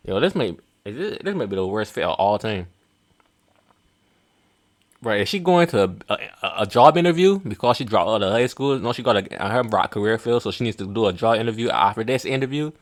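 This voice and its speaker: A man's voice: lowish voice, expressive, a little fast. A young man hosting a reaction video, mocking and blunt in casual commentary, often laughing at what he watches.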